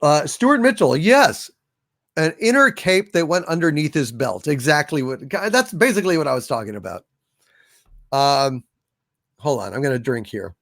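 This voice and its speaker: Lively, animated male livestream host. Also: on the high side, normal speed, vocal fry, no echo, clean studio sound. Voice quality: playful, self-mocking. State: tired. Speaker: livestream host reading super chats. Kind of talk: casual live-stream chat.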